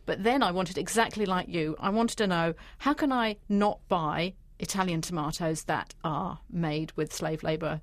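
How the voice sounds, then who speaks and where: A woman's voice: lowish voice, normal speed, few pauses, dry recording. A woman journalist, talking animatedly in a radio interview. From New Zealand.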